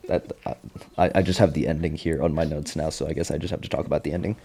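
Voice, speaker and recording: A man's voice: very deep voice, steady tone, quick pace, vocal fry, warm tone, a little hiss or hum. A man hosting a podcast, recapping a TV show in a casual, profane, joking way. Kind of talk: casual chat.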